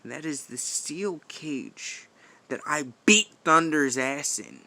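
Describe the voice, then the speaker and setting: A man cutting a menacing, in-character wrestling promo in a high, sharp, tense voice. He drags out his words slowly, taunting and cursing, and swings from loud outbursts to hushed, threatening whispers. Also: expressive, gravelly, a little hiss or hum. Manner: profane trash talk.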